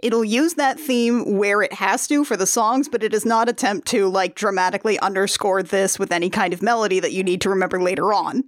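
A woman co-hosting a casual chat recapping a musical, animated and often acting out quoted lines with laughter. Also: mid-range voice, brisk, few pauses, no room sound, clean studio sound. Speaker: podcast co-host.

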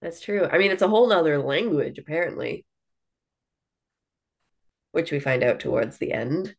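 A woman's voice: low-pitched, lively intonation, normal speed, vocal fry. A woman co-hosting a podcast, chatting casually about a book in a blunt way, with lots of "like" and the odd swear word. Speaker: podcast co-host. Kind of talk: casual book review chat.

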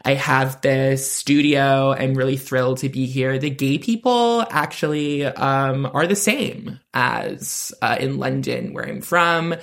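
A man putting on an American accent, answering in a deadpan, mock-earnest way. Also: medium pitch, slow, creaky, few pauses. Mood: mock-gushing. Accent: put-on American.

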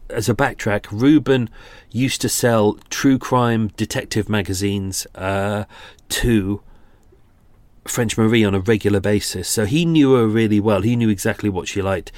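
A man's voice: on the low side, darkish tone, no room sound. Rambling man in his forties. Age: 40s. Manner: rambling, self-deprecating, many restarts. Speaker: podcast host. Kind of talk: casual true-crime commentary.

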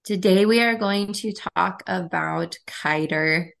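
A woman's voice: on the low side, slow, gravelly, fairly bright tone. A woman with a scratchy voice, hosting a podcast in a chatty, friendly way, with loose phrasing full of "like". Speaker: podcast host. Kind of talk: casual podcast chat.

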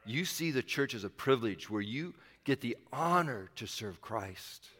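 A man in his fifties preaching a sermon as pastor, animated and acting out bits of dialogue in bursts. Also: mid-range voice, a little slow. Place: church sanctuary. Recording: church hall reverb with faint music.

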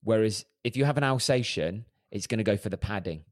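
A man's voice: fairly low pitch, expressive, a little fast, no echo, clean studio sound. A man co-hosting a casual chat, playful and laughing often as he shares trivia. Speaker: podcast co-host.

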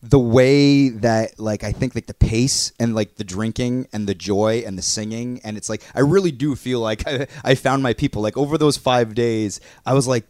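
A man telling a story in casual podcast chat, excitable and rambling, full of "like" fillers. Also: mid-range voice, normal speed, few pauses, no echo. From Canada. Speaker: podcast co-host.

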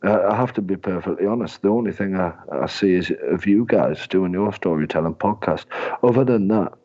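A man's voice: deep voice, fairly quick, mellow. A man, giving long, rambling, self-mocking answers as an interview guest. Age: 20s. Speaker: guest, comedian and sales director. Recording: dull lo-fi sound.

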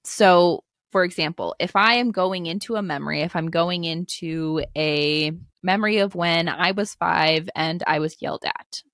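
A woman in her twenties, a spiritual life coach, speaking in a gentle, reassuring way with many "like" fillers in a podcast interview. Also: on the low side, normal speed, hardly any pauses, no echo, clean studio sound. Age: 20s.

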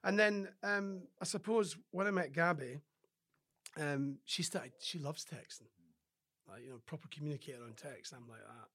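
A man, a former sportsman, talks as a podcast guest, and his speaking voice sits a little high for a man. His tone is casual and animated, and he slips into other people's voices as he tells his stories. His sentences stop and restart around frequent fillers. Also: normal speed. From Scotland. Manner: animated storyteller who acts out other people's lines. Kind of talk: casual interview storytelling.

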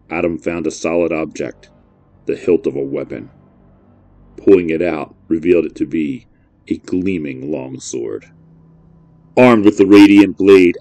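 A man with a very low, deep voice reads a horror story in a measured, brooding way. The recording is dry and close, with no room sound. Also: dark tone, dry recording. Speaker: narrator.

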